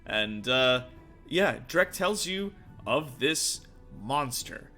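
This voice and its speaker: A man's voice: mid-range voice, lively intonation, very slow, sharp tone, faint music behind. A man narrating a tabletop game as game master, in loose, vivid improvised narration.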